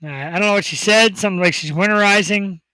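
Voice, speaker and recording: A male talk show host hyping up upcoming guests in a rambling, excitable way. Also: high-pitched, quick pace, dry recording, low-quality recording. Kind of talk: casual talk show chat.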